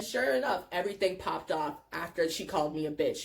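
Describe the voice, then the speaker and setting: A young woman telling a wild personal story in a profane, animated vlog style. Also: low voice, brisk, gravelly, hardly any pauses, crowd noise. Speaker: vlogger.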